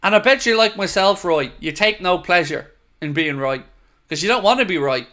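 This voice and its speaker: Bloke ranting on a live fan stream, higher voice, bright and punchy, fed up and swearing. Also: male voice, animated, normal speed. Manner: frustrated, emphatic, swears. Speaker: fan channel host. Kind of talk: live stream reading super chats.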